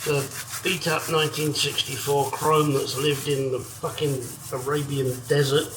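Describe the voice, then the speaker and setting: A man's voice: medium pitch, fairly even intonation, a little slow, background noise. A man chatting casually and dryly as he restores a classic car in his workshop. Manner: dry, self-deprecating, swears casually. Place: home workshop.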